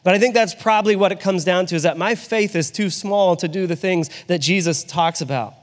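A man's voice: high voice, a little fast, big-room sound. A male pastor giving a sermon in a conversational way, often asking his listeners rhetorical questions.

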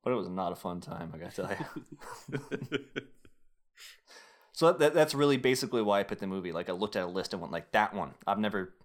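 Low-voiced rambling podcast host, a man. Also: brisk, long pauses. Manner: rambling, self-interrupting, laughs often. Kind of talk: casual podcast chat.

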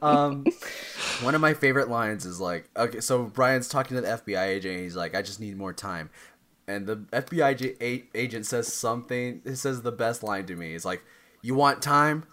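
A man's voice: mid-range voice, brisk, a bit bright. A young man co-hosting a podcast, recapping a movie in a laid-back, rambling way. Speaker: podcast co-host. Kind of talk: casual movie recap chat.

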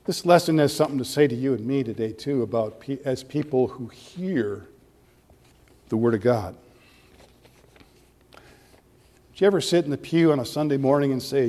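A man's voice: mid-range voice, normal speed, long pauses, mellow. Man preaching a sermon in a reverberant hall. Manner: earnest, rhetorical questions, rising animation. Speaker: pastor.

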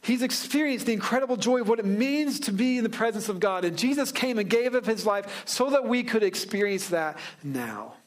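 A man's voice: high-pitched, expressive. Man preaching a casual sermon. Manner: conversational and joking, slowing down on key phrases. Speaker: pastor. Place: church sanctuary.

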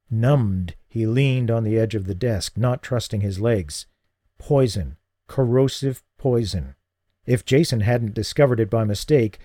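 An audiobook narrator, a man with a mid-range voice, reads a novel in scripted narration, keeping a steady, even storytelling tone. The studio sound is clean, with no room sound.

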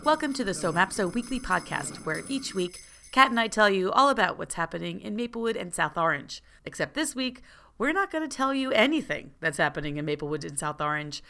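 A woman co-hosting a local podcast, chatting casually and telling jokes with animated delivery. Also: medium pitch, brisk, vocal fry, faint music behind. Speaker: podcast co-host. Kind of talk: casual chat.

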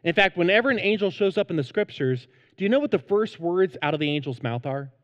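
A man's voice: sits high, animated, fast, in a large hall, highs cut off. A man preaching a sermon as pastor, earnest and emphatic, in a church sanctuary.

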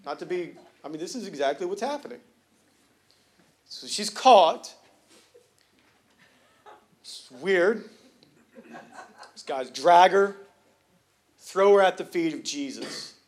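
A man preaching a sermon in a church, talking casually with jokes and slang, then building to loud, emphatic points. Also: high-pitched, animated, slow, pauses often. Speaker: pastor. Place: church sanctuary.

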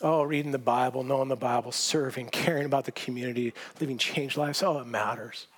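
A man's voice: mid-range voice, steady tone, brisk, slightly rough. A man preaching a sermon as pastor, earnest and emphatic, repeating key phrases and often restarting sentences.

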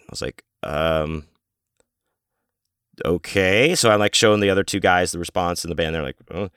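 A man's voice: deep voice, normal speed, long pauses, fairly bright tone, clear, resonant tone, dry recording, clean studio sound. A man hosting his own show, telling a rambling story in a casual, profane, self-interrupting way. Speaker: podcast host and author.

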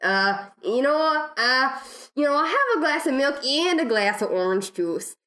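A woman plays a hungry dad ordering breakfast, drawling slowly in a folksy way. The voice is pitched up and a little loud. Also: sing-song, roomy sound, exaggerated voice.

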